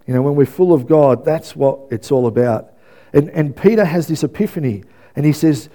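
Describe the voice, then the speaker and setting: Warm-toned preacher, conversational and emphatic. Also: male voice, fairly high pitch, animated, moderate pace. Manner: conversational preaching, often asks "yeah?"; repeats phrases for emphasis. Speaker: pastor. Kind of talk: sermon.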